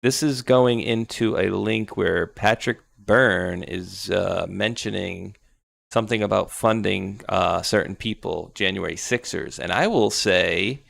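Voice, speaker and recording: A man's voice: deep voice, unhurried, gravelly, a bit bright. A man co-hosting a talk show, chatting loosely and rambling with sarcastic asides. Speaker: podcast co-host. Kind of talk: casual political chat.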